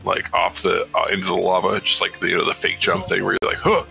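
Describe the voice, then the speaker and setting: A man in a casual tabletop session, talking hesitantly with plenty of fillers. His voice is very deep and gravelly, with a sharp, tense brightness, and faint music plays behind him. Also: little pitch movement, fast talker, poor audio. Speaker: player. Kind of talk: casual tabletop game chat.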